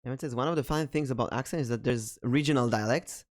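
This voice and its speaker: A man with an accent that mixes American and British, chatting casually as a podcast co-host, talking fast and swallowing words. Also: medium pitch. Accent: mixed American and British. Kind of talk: casual chat.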